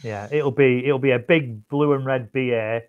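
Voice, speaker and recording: A man's voice: mid-range voice, steady tone, normal speed, darkish tone, muffled recording. A man co-hosting a podcast in casual chat, often ending remarks with tag questions. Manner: chatty, seeks agreement with tag questions. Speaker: podcast co-host.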